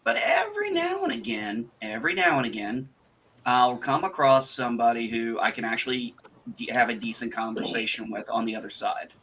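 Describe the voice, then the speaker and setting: Bright-voiced man telling stories. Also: mid-range voice, fairly quick, a little hiss or hum. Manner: animated, swearing storyteller, acts out quoted retorts. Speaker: host. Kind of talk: casual livestream chat.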